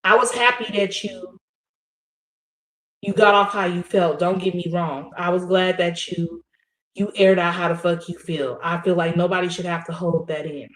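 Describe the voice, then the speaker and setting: A woman's voice: on the low side, steady tone, moderate pace, a bit bright. A woman co-hosting a livestream, chatting loosely and directly to her viewers. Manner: loose, talky, addresses the audience directly. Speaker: livestream co-host. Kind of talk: casual chat to viewers. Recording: roomy echo.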